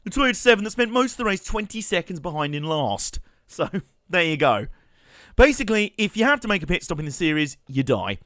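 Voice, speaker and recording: A man's voice: high voice, sing-song, a little fast, a bit bright, dry recording, clean studio sound. A young man, chatting and joking while commentating his live gameplay stream. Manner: chatty, joking, rambling asides with laughs.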